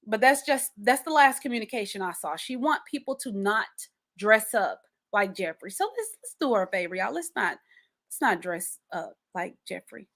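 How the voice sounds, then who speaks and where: A woman's voice: mid-range voice, moderate pace. A woman hosting a podcast in casual solo chat, talking animatedly and directly to her listeners and repeating words for emphasis. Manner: animated and chatty, addresses listeners directly, repeats words when stressing a point. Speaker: podcast host.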